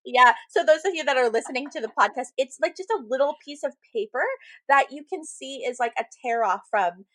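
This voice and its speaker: A woman co-hosting a podcast as a medium, chatting casually and telling stories with lively acted-out quotes. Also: high voice, fairly quick, dry recording. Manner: animated storytelling, acts out quoted people. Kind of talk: casual chat.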